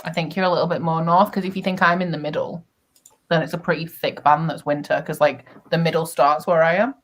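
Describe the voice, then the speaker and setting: A woman's voice: deep voice, steady tone, brisk. A young woman with a Wigan accent, chatting casually and playfully on a reading stream, laughing often. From North West England. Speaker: co-host of a reading sprint stream. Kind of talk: casual chat.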